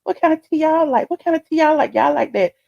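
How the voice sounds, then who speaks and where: A woman hosting a live stream in casual chat, sassy and chatty, calling her viewers honey and child, swinging between loud bursts and low asides. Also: lively intonation, quick pace, vocal fry, dull audio.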